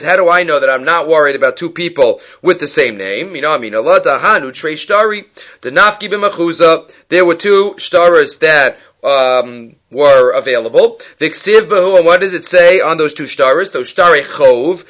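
Man, text-study teacher, bright and forceful, somewhat high voice, lively, acts out stories. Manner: lively, questions the listener with frequent "right?"; acts out quoted speakers in the stories he tells. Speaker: Talmud teacher.

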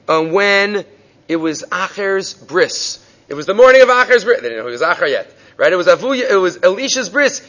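A man teaching a Gemara class, telling the stories with animated voices for the people in them. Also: sits high. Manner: animated storytelling, acting out voices in quotes. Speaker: Talmud teacher. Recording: dull lo-fi recording.

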